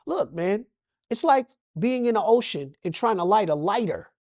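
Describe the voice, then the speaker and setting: An emotional personal interview features a man from Los Angeles who describes his life passionately, with preacher-style bursts and repeated lines. He has a high, animated, slightly mellow voice at a moderate pace, captured in clean studio sound with no room reverb.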